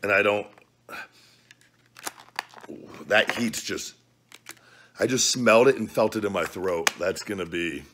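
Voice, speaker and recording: A man's voice: lowish voice, a little slow, pauses often, noisy background. A man hosting his own vlog, talking casually and loosely with joking, profane banter through a hot food challenge at home. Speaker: vlog host.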